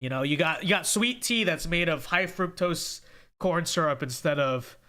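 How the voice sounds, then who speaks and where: A young man from California runs a casual livestream and reads viewer comments out loud. His voice is bright and rather high for a man, and his pitch swings a lot as he drives his points home. He talks emphatically and keeps checking in with "okay?". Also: expressive, normal speed. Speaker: livestream host reading viewer chat.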